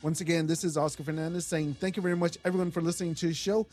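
Higher-voiced male radio host. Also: racing, faint music behind. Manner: steady, wraps up segments and thanks guests. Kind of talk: hosting a radio talk show.

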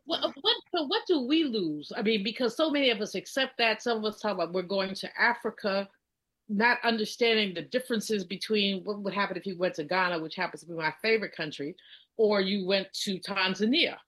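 A woman hosting an interview, emphatic and quick with follow-up questions. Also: mid-range voice, fairly bright tone, poor audio. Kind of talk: conversational interview.

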